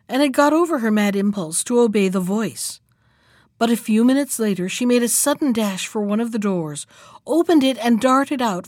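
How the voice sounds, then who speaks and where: A woman storyteller reads a fairy tale aloud, expressive and measured, her voice sitting a little high. The sound is dry and close to the mic. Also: no echo.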